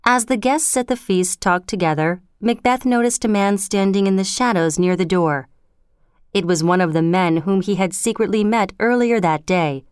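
Woman reading a story clearly. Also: mid-range voice, normal speed, no echo, studio quality. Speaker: reader. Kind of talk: scripted narration.

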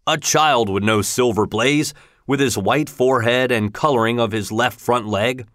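A man's voice: mid-range voice, moderate pace, fairly bright tone, no echo, studio quality, natural voice. A man reading as an indignant old colonel. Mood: angry. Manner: exclaiming, bewildered, outraged. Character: indignant older male colonel, racehorse owner.

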